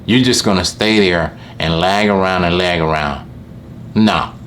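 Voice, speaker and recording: A man with a very low voice tells a rambling story about a lawn care job. He talks casually to camera and keeps repeating what he said. A faint hiss sits behind him. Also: a little slow, a bit bright. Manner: rambling anecdote, often repeats "I said". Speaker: lawn care business owner.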